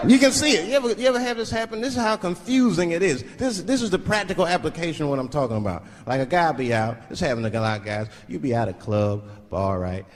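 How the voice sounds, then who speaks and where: A man doing stand-up storytelling, conversational and animated, swinging between low asides and loud punchlines. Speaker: stand-up comedian. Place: live theater on stage. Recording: long hall reverb, faint noise.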